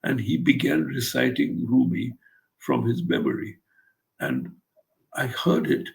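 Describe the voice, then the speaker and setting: An older man's deeply gravelly voice, full of fry, rises and falls in a lively way. He is an author from India, telling a story in an interview with blunt, wry humour. He acts out the lines of the people in his story. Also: measured pace, rough recording. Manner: wry, blunt anecdotal storytelling with acted-out quotes.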